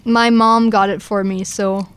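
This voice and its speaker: A woman's voice: medium pitch, flat delivery, unhurried, clean tone, dry recording. A young woman as a radio guest, talking hesitantly with lots of ums and likes. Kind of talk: casual on-air chat.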